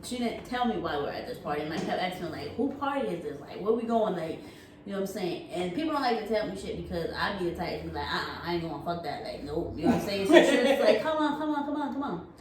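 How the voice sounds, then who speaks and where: A woman co-hosting a couple's channel, telling a story in a casual, animated, laughing way with lots of slang and swearing. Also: lowish voice, fast talker, background noise. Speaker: co-host. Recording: echoey room, far from the mic.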